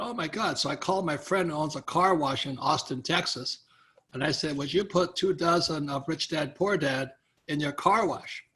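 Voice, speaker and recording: An older man, a guest author in an interview, telling stories in an animated way and acting out what other people said. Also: fairly high pitch. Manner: animated storyteller, acts out quoted people, chuckles often. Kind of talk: storytelling in a conversational interview.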